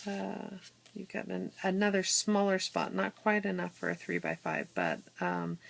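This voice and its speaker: A woman giving a casual, unhurried walkthrough of a handmade scrapbook album, with many fillers and restarts, filmed on a phone at home. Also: mid-range voice, gravelly. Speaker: crafter showing her scrapbook album. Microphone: handheld phone camera. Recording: faint room noise, phone capture.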